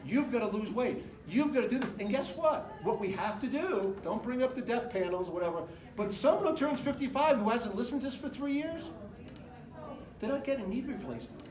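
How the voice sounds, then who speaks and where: A man's voice: very high-pitched, lively intonation, a little fast, crowd noise. A middle-aged American man giving an off-the-cuff campaign speech to a room full of people, rambling and emphatic as he jumps between anecdotes and figures. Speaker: political candidate. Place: indoor room with an audience. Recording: echoey room.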